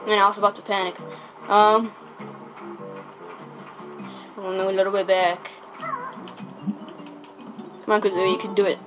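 A young let's-play gamer with a high voice and flat delivery rambles casually while playing, heard on a low-quality recording with game music behind him. He restarts his sentences, repeats himself, and lets out quick, mild curses when the game goes badly.

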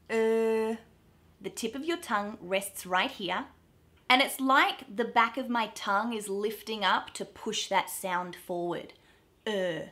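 A young woman with an Australian accent leads a pronunciation lesson, speaking slowly and drawing out each sound as she demonstrates it. Her voice is bright and forward, with a patient, measured pace. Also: medium pitch. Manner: slow, drawn-out demonstration of sounds. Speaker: accent coach.

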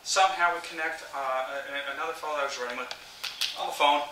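A man's voice: fairly high pitch, steady tone, quick pace, noisy background. A man giving a keynote talk, telling a personal story animatedly, often stammering and restarting, acting out the voices of others. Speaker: keynote speaker. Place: large library hall. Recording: echoey hall from far off.

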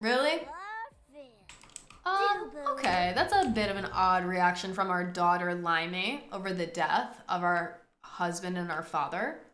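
Woman host, casual gameplay commentary, bright and edgy, dramatic reactions, roomy echo. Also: fairly low pitch, a little slow. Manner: excitable, dramatic reactions to the game. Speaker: gaming video host.

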